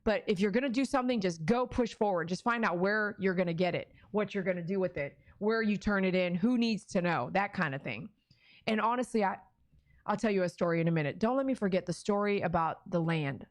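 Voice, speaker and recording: Woman on a livestream reading chat, blunt and earnest, kinda emotional, normal pitch. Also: fairly quick, no echo, clean studio sound. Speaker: dog trainer streamer. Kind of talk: live stream, reading chat comments.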